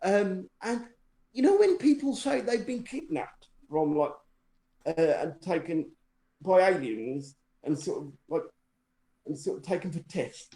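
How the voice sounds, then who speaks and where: A man's voice: high voice, big pitch swings, measured pace, warm tone. Rambling man with wry humour, roomy sound. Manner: rambling, lots of fillers and restarts, dry self-mocking humour. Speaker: podcast co-host telling a story. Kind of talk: casual anecdotal storytelling. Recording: roomy echo.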